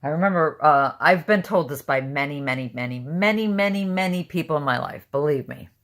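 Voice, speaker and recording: A woman's voice: low-pitched, a little fast, fairly bright tone. An older woman talking casually to camera, blunt and rambling, openly emotional. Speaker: vlogger.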